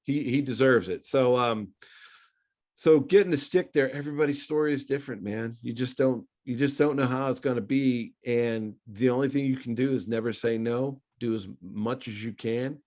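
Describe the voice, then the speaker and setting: A middle-aged man, a former pro quarterback, telling stories in a relaxed, conversational interview full of fillers. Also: mid-range voice, moderate pace. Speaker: former NFL quarterback, guest. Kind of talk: casual storytelling interview.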